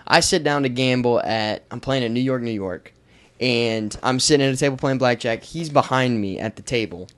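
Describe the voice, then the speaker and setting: A man with a mid-range voice, hosting a podcast. He tells a story in a loose, animated way, swearing as he goes, and he sounds like he is chatting with friends. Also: medium pitch, moderate pace. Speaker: podcast host. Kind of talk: casual storytelling chat.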